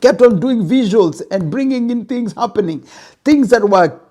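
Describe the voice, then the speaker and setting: A man giving a motivational talk on pitching, retelling a Bible story emphatically to make his point. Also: expressive, normal speed, warm tone. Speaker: business speaker.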